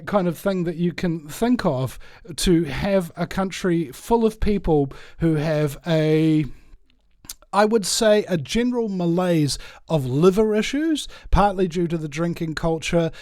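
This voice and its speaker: A man's voice: high voice, lively intonation, slow pace, a little mellow, no room sound, studio quality. A man with a New Zealand accent, a guest on a podcast, telling meandering anecdotes in casual chat. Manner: digressive, anecdotal storytelling.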